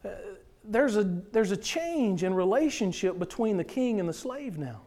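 A man preaching a sermon, explaining scripture verse by verse in an earnest way. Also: very high voice.

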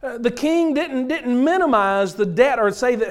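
High-voiced preacher. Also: male voice, animated, unhurried. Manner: earnest, explaining scripture verse by verse. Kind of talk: sermon.

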